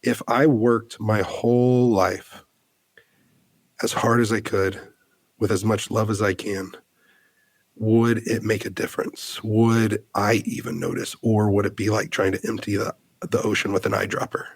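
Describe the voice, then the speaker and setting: An American man in his thirties, a podcast guest, telling a personal story in an earnest, halting way, full of fillers and restarts. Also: on the low side, level tone, gravelly, husky, dry recording. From United States.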